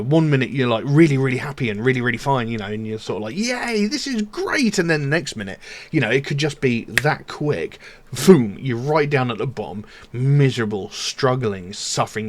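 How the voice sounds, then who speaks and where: A man's voice: fairly low pitch, slight background noise. A man hosting a music reaction channel, talking through song lyrics in an earnest, rambling way with lots of fillers. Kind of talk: casual commentary on song lyrics.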